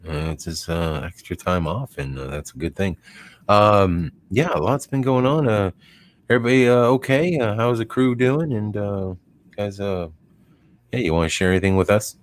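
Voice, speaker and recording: A man hosting a live stream chats casually in a fairly low voice at normal speed, in a dry recording. He rambles, chuckles, and quotes dogs in silly voices.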